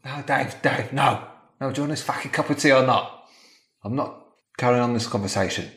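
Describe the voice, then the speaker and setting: A man voicing a fussy middle-aged housewife in bifocals, in a shrill falsetto. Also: fairly quick, a bit bright, echoey room, close to an everyday voice. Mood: irritated refusal.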